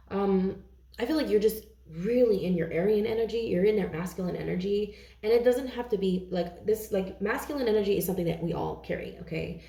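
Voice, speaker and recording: Gravelly-voiced woman tarot reader, casual. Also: lowish voice, mellow, echoey room. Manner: chatty, intuitive, frequent "okay?" check-ins. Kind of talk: casual tarot reading to camera.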